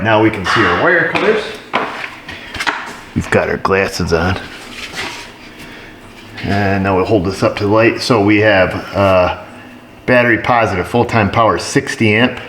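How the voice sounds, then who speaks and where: Working on a truck diagnosis, this auto repair technician narrates casually and drops dry jokes for his viewers. The man's voice sits on the low side, captured with background noise and the echo of a roomy shop.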